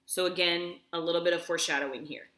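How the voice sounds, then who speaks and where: A woman's voice: fairly low pitch, steady tone, quick pace, sharp tone. A woman teacher reading a story aloud and explaining it step by step, often checking in with "okay?". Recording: echoey room.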